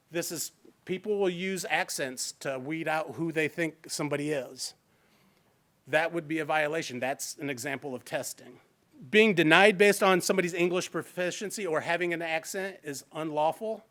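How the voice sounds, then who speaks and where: A man's voice: fairly high pitch, moderate pace, fairly bright tone. A man with a Midwestern American accent giving a live fair housing training in a library meeting room, talking conversationally and acting out quoted examples.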